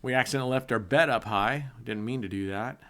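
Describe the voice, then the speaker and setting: A man's voice: mid-range voice, quick pace, fairly bright tone. A man chatting casually on a live stream, laughing often and telling jokes between roulette spins. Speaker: casino streamer.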